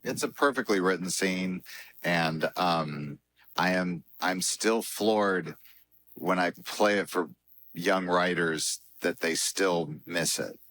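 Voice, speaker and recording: A man, a film director, speaking thoughtfully on a panel, pausing and restarting as he works through ideas. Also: deep voice, fairly bright tone, a little hiss or hum. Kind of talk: panel discussion.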